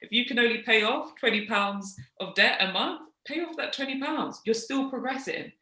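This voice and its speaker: A British woman guest giving encouraging, steady advice in a casual discussion. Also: a little high, moderate pace, reverberant, poor audio.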